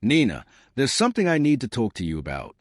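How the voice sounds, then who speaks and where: Cold, tired husband, voiced by a man narrator: flat, firm, distant. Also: mid-range voice, quick pace, dry recording, clean studio sound.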